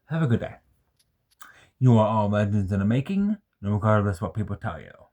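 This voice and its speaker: A man's voice: lowish voice, lively intonation, normal speed, warm tone. A man in his thirties telling a personal story in a rambling, self-correcting way, swearing often. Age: 30s. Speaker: vlogger. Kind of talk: personal vlog, emotional storytelling.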